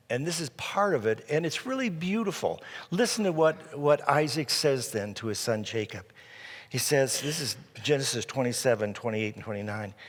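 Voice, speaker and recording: A male pastor tells a scripture story in an animated sermon style, often restarting his phrases. His voice has an average pitch. A long reverb from the church sanctuary hangs on each line.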